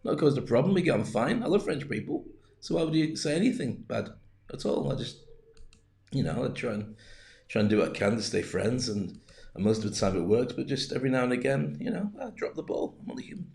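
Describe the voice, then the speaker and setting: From his home in the UAE, a man hosts a casual live business show as a chatty, rambling monologue with jokey asides. His mid-range voice is expressive, brisk, creaky, and darkish.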